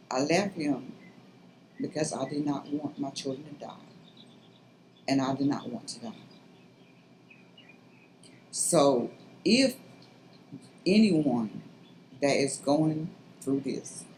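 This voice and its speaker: A middle-aged woman, telling her story as an interview guest in earnest, halting speech that builds to fervent urging. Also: deep voice, a little mellow, slight background noise, low-quality recording. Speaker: interview guest, abuse survivor. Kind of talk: emotional personal testimony.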